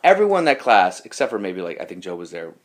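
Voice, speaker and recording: A fast-talking man with a low-set voice that swings widely in pitch as he tells stories. He chats casually as a podcast guest, bouncing into the voices of the people in his anecdotes. He sounds loose and lively. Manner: animated storytelling, acts out other people with raised voice. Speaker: comedian guest.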